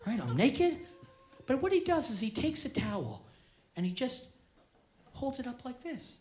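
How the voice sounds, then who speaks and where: Yelling comedian, lively pitch. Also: male voice, moderate pace. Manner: loud, profane, often yelling. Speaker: stand-up comedian. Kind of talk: stand-up storytelling. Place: theater stage before a live audience. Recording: live show with audience laughter.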